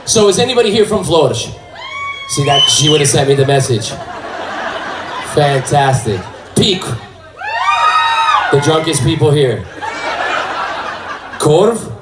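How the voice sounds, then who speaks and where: A male stand-up comedian from California working a live crowd, loud and shouting his punchlines. His voice sits a bit high. It rings through a roomy hall from some distance off the mic, with an audience around it. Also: very animated, takes it slowly, long pauses, heavy background noise.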